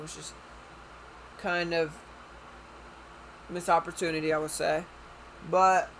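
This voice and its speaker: Bright-voiced rambling reviewer. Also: mid-range voice, slight background noise, poor audio. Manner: rambling, loose and chatty with frequent swearing. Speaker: video reviewer. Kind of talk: casual video review.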